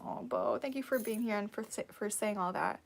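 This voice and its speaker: A woman's voice: medium pitch, animated, brisk, gravelly. A woman hosting a casual live stream who reads out viewer comments, encouraging and laughing often, sleepy and yawning.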